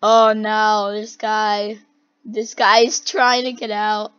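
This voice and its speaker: A young person giggling and gasping while reacting to game clips in a try-not-to-laugh challenge. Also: female voice, medium pitch, level tone, slow pace, a bit bright, clear, resonant tone, dull audio. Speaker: video reactor.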